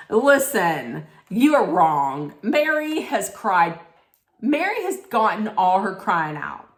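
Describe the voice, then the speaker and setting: A woman's voice: medium pitch, very animated, slow pace, reverberant. A woman giving a snarky, blunt recap straight to her viewers, emphatic and sarcastic. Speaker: reality TV recap vlogger.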